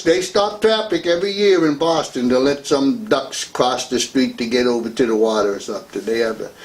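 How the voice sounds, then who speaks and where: A man's voice: medium pitch, a little hiss or hum. A man hosting a talk radio show, rambling through a casual monologue and laughing between remarks. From United States. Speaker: radio host.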